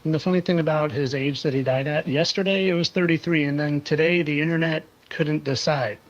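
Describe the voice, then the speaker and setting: A man's voice: a little high, fairly even intonation, a little fast. A man hosting a monologue video, talking in a sarcastic, insinuating way and repeating phrases for effect. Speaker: conspiracy video host. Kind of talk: monologue over clips. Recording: dull lo-fi sound.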